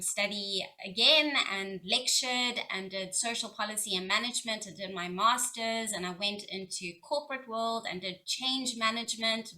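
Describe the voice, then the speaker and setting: A woman's voice: medium pitch, sharp tone, low-quality recording. A South African woman on a discussion panel, telling her personal story in an earnest, heartfelt way. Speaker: panelist, social worker and charity leader. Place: couch panel conversation.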